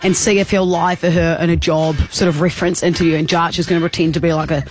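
A woman's voice: lowish voice, level tone, quick pace, faint music behind. A woman with an Australian accent co-hosting a radio show, upbeat and chatty. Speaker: radio host. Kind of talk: casual radio banter.

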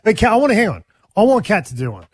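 Brief: teasing radio co-host, lively pitch swings, dry close sound. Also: male voice, very fast, husky, no room sound. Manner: teasing, jokey, excitable. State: tired from no sleep. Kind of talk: casual breakfast radio banter.

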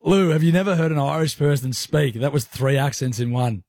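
Radio guy teasing his cohost, bit husky, dead dry studio. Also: on the high side, brisk, a little mellow, no room sound. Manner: teasing, laughs often. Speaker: radio co-host. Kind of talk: casual banter.

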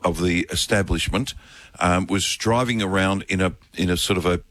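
A man hosting a talkback radio show, telling a story in a rambling, halting way with many fillers. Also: low voice, a bit bright. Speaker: radio host. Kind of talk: casual talkback radio chat.

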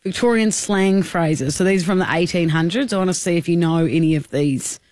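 A woman's voice: on the low side, brisk, darkish tone, dry recording. An Australian woman co-hosting a radio show in casual, bubbly banter, laughing often and teasing. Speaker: radio co-host.

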